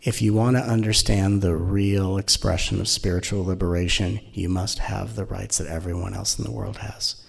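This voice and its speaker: A man giving an animated, playful spiritual talk as a teacher, often slipping into mocking voices. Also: deep voice, normal speed, vocal fry, hardly any pauses, slightly rough.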